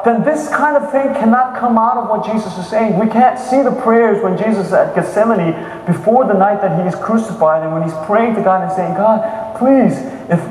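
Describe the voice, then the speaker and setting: A man preaching a sermon, retelling scripture in an animated way with frequent restarts and filler checks. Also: sits high, brisk, few pauses. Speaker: pastor. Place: church sanctuary. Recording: echoey hall with faint ambience.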